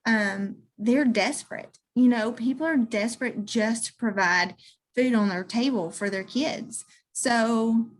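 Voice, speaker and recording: A woman chatting casually about her direct sales business, earnest and heartfelt, with plenty of fillers. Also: mid-range voice. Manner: earnest, warm-hearted testimonial with many fillers. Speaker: guest, direct sales seller. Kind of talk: casual chat.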